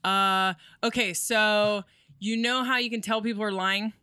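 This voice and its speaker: Bright, crisp woman rambling about spirituality. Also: medium pitch, fairly even intonation, a little slow, dry recording, studio quality. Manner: rambling spiritual explanations, many fillers. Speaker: podcast guest, comedian. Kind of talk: casual podcast talk.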